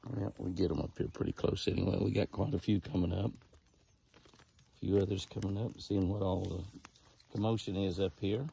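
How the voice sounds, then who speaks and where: A man's voice: sits low, level tone, brisk, creaky, mellow, husky. A man narrating casually outdoors while feeding deer, folksy and coaxing them closer in a sing-song call. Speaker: ranch owner and show host.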